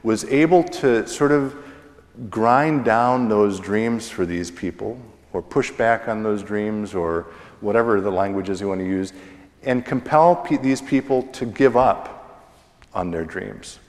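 A middle-aged man preaching a sermon as pastor, slow and deliberate, pausing often and letting his phrases fall away at the ends. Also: lowish voice. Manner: slow, deliberate preaching with pauses and falling endings. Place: church sanctuary. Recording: long church reverb.

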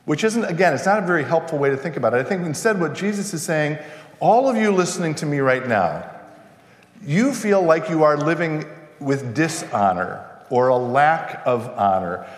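Male pastor preaching in an echoey church. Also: a little high. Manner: relaxed, chatty preaching with asides and questions to the congregation. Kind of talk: conversational sermon. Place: church sanctuary. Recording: echoey church with long reverb.

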